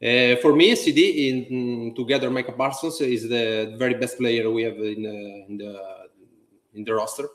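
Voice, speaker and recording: A man from Rome with an Italian accent, hosting a live chat in halting English and laughing often. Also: mid-range voice, fairly even intonation. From Italy, Rome. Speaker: live stream host. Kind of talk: casual chat.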